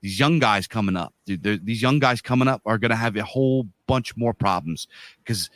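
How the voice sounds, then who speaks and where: A man's voice: fairly low pitch, expressive, a little fast, fairly bright tone, no room sound. A man in his thirties or forties co-hosting a podcast, talking bluntly in casual chat with lots of profanity and slang. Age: 30s to 40s. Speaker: podcast co-host.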